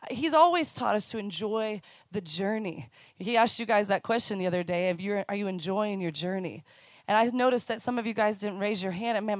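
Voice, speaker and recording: A woman in her thirties, a youth minister, giving a chatty, animated sermon. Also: mid-range voice, dry recording. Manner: chatty, animated storytelling with quick asides. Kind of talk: conversational sermon. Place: church stage.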